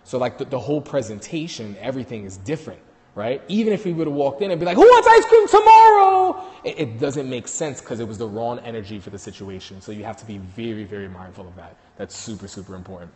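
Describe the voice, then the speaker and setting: A man's voice: lowish voice, fast, warm tone, long reverb tail. A man with a New York accent, a dog trainer hosting a casual livestream on his phone, talking loosely with many fillers and restarts.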